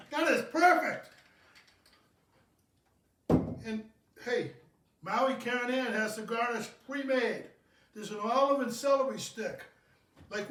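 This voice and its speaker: Loud hammy man in an echoey room. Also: very high-pitched, recorded from a distance, slight background noise. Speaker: home cocktail show host. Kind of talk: goofy home cocktail video.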